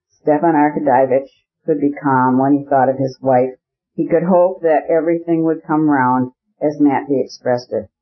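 A man reading a classic novel aloud as an audiobook narrator, steady and measured, in a muffled lo-fi recording. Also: mid-range voice.

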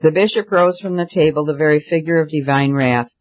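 A man reading a novel aloud in a steady, earnest manner. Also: on the high side, fairly quick, dry recording. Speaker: audiobook narrator. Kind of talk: scripted narration. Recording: dull dry recording.

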